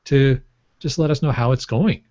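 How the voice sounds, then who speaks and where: A man's voice: medium pitch, moderate pace, dark tone, no echo. Podcast co-host, male, rambling and joking, dry and slightly dull recording. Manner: rambling, jokey, laughs often. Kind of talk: casual chat. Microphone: microphone on a stand. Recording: muffled, dry podcast audio.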